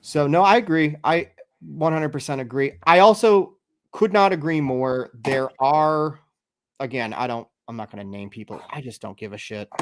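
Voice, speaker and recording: A man hosting a casual podcast chat, animated and swearing freely, his voice jumping up when he gets excited. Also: fairly high pitch, moderate pace. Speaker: podcast host.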